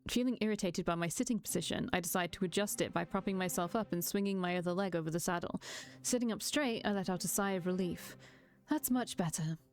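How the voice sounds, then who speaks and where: A woman's voice: lowish voice, quick pace. Woman reading a visual novel aloud. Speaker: game streamer.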